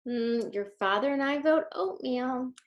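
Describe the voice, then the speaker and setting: A patient storybook mother who talks slowly and reasonably, as a woman reading aloud voices her. Her tone stays steady and gentle. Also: high voice, highs cut off.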